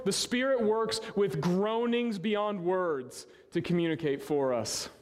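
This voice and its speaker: Earnest preacher in a reverberant hall. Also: male voice, on the high side. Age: 30s. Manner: earnest, conversational preaching with sudden rises and hushed drops. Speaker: pastor. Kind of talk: sermon. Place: church sanctuary.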